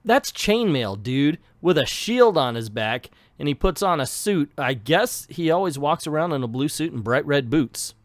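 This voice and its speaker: A man's voice: on the high side, lively intonation, normal speed, hardly any pauses, no room sound. A man reading an old comic aloud and breaking off for sarcastic, crude asides. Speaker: comic book reviewer. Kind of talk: comic reading with jokey commentary.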